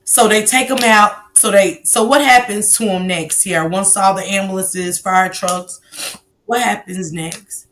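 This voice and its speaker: A woman hosting a live-stream interview, speaking gently and encouragingly to her guest. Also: mid-range voice, a little slow, a little hiss or hum. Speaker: host.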